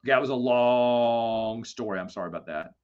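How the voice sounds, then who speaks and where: A man's voice: mid-range voice, normal speed, clean tone. A man hosting a live Q&A stream, telling a long, rambling anecdote with self-deprecating humor. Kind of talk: casual storytelling on a livestream. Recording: slightly dull lo-fi stream audio.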